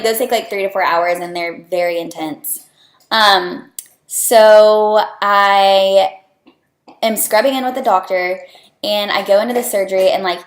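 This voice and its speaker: A young woman talks straight to her viewers in a relaxed, earnest ramble, sprinkling "like" through nearly every phrase. Her pitch sits in a plain middle range. The room around her is noticeably roomy and echoey. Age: young adult. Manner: chatty, earnest, heavy use of "like". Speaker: student on clinical rotation. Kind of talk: casual personal vlog. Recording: roomy echo.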